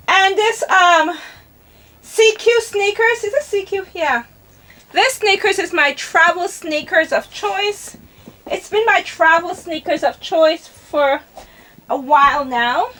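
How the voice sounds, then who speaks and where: A woman's voice: extremely high pitch, lively intonation, takes it slowly, pauses often, bright, forceful tone, distant mic. An older woman, chatting casually to camera as a travel vlogger, laughing often and talking to herself.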